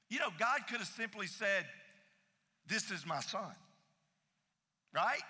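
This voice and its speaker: A man preaching a sermon, emphatic, repeating key phrases and swinging between loud and soft. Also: fairly high pitch, big pitch swings, measured pace, long pauses, husky, long reverb tail. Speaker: pastor.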